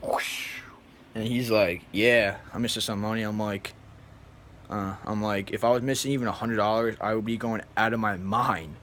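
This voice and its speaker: A man vlogging, telling a story to his viewers in a rambling, animated way and flatly mimicking other people. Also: on the low side, moderate pace, slight background noise. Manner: animated, rambling, acts out others in flat mumbles. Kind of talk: casual storytelling to camera.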